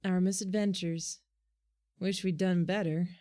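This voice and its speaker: A woman's voice: on the low side, fairly even intonation, measured pace, dark tone, lightly acted. A woman voicing a sleepy, injured girl who mumbles her words in a storybook reading.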